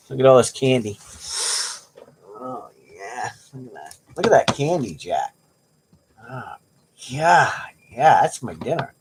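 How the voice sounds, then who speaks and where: A man's voice: mid-range voice, background noise. A middle-aged man hosting a livestream, chatting casually with viewers and telling rambling, joking stories. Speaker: livestream host.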